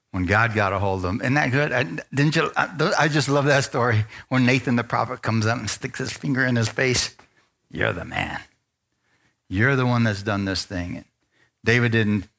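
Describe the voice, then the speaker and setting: A man's voice: on the low side, vocal fry, fairly bright tone. Conversational male pastor preaching a sermon. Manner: conversational preacher, asks congregation for amens.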